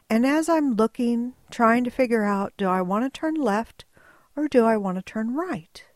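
Woman storyteller, unhurried, wry and animated, bone-dry close sound. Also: medium pitch, dry recording. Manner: wry, animated, slow and deliberate. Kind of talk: personal storytelling.

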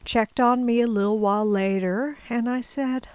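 A woman telling a personal story in a measured, deliberate way, now and then dropping to a whisper. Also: a little high, fairly even intonation, darkish tone, clean tone, no room sound, poor audio.

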